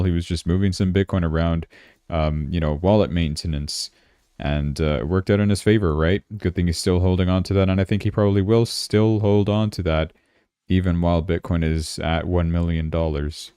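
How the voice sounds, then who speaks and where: Low mellow guy on a crypto stream, kinda tired, dry close sound. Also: smooth, dry recording. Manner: thinks aloud while checking charts, chatty. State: yawning, tired. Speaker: crypto livestream host. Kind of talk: casual livestream commentary.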